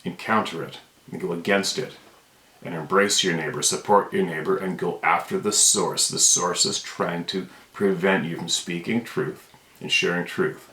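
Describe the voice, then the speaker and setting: A man's voice: low-pitched, fairly even intonation, moderate pace, pushed and bright, echoey room, poor audio. A man hosting his own channel, speaking to the camera in a fired-up, emphatic, unrehearsed rant that keeps circling back to the same words. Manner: fired-up, emphatic, repeats himself. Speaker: channel host. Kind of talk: impassioned unscripted rant to camera.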